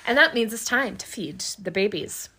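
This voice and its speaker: A woman co-hosting a podcast, telling a story in a casual, animated way and laughing often. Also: on the high side, normal speed, slightly rough. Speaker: podcast co-host.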